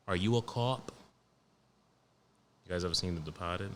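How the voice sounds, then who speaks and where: Young man, podcast host, casual monologue, swearing, joking, slightly low voice. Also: normal speed, fairly bright tone, slight background noise. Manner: profane, blunt and joking, reading news aloud.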